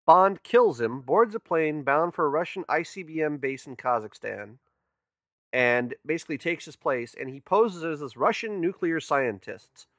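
A man's voice: a little high, lively intonation, moderate pace, fairly bright tone, no echo, studio quality. A man, a podcast co-host, casually recapping a movie in rambling talk full of restarts. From California. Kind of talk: casual movie-review chat.

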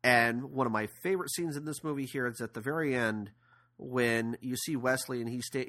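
Bright-voiced man retelling a film. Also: medium pitch. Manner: rambling retelling with fillers. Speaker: podcast co-host. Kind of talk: casual movie discussion.

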